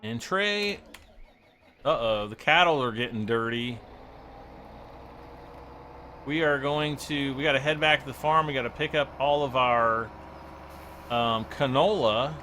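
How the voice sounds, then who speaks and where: A man's voice: mid-range voice, unhurried, pauses often, bright, forceful tone, slight background noise. A man doing casual livestream commentary over a farming game, giggly and rambling, often losing his train of thought. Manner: giggly, easily cracks up laughing. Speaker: game streamer.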